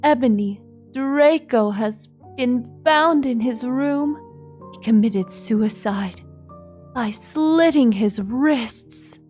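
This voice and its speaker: A woman voicing an old male wizard headmaster delivering news gravely in a comic reading. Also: on the high side, slow pace, darkish tone, faint music behind.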